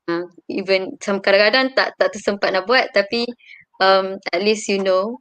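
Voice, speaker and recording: A young woman with a Malaysian accent talks casually as a guest, stopping often to hunt for her next words. Her voice is smooth and clean at a middling pitch, recorded dry and close over a video call. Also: moderate pace, fairly bright tone, no room sound. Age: young adult. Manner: hesitant, searching for words with many fillers. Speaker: interview guest, university student abroad. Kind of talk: casual chat.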